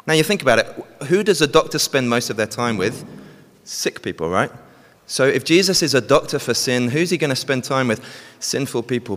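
Male preacher, storytelling sermon, medium pitch, long reverb of a church hall. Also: animated, moderate pace, a bit bright. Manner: storytelling, asks the congregation questions.

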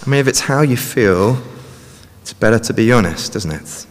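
A man's voice: fairly low pitch, expressive, moderate pace. A man preaching a sermon in a conversational way, often ending points with tag questions. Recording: long reverb of a large hall.

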